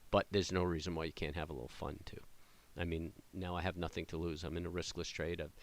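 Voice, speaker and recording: Casual male day trader with a deep, low voice, talking off the cuff through his trades, filler-heavy, excitable. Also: fast talker. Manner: rambling, many fillers and restarts, excited cheering at the chart. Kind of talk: casual live trading commentary.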